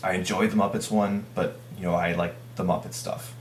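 A very low-voiced man gives blunt opinions in a casual chat. The room rings around him, and a faint hum runs underneath. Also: flat delivery, a little fast, roomy sound.

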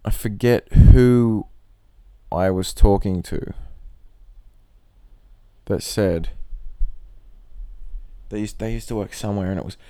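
Low-voiced rambling, swearing man. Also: slow pace, long pauses, warm tone, clear, resonant tone, no echo. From not from Australia. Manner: rambling, profane, joking. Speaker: podcast host. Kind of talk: casual solo monologue. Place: in Australia.

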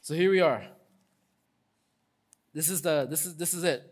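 Man, pastor, sermon, high voice, chatty animated preaching. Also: normal speed. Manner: lively, conversational preaching with asides and acted-out quotes.

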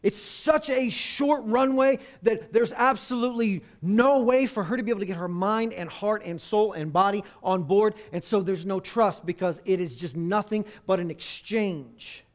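A man preaching a sermon on marriage, swinging from loud emphasis to hushed, intimate tones. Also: sits high, moderate pace, few pauses.

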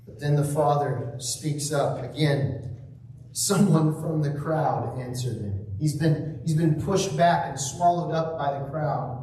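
A man preaching a sermon slowly and reflectively, asking rhetorical questions. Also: a little high, warm tone, a little hiss or hum. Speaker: pastor. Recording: echoey room, mic at a distance.

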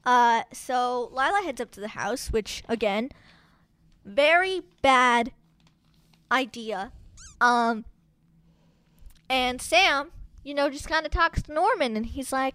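Co-host, woman, high voice, slow unhurried delivery, chatty film recap. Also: smooth, dry recording. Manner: chatty, animated storytelling. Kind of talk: casual film recap chat.

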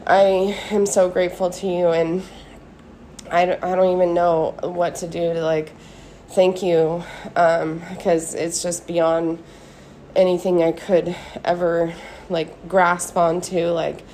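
A woman's voice: on the low side, little pitch movement, takes it slowly, dark tone, a little hiss or hum. A woman hosting a solo podcast, talking earnestly and casually with lots of "like", recorded on a phone in a hotel room. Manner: casual, earnest, heavy use of "like". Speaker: podcast host. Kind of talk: reflective solo podcast monologue. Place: hotel room at a beach resort.

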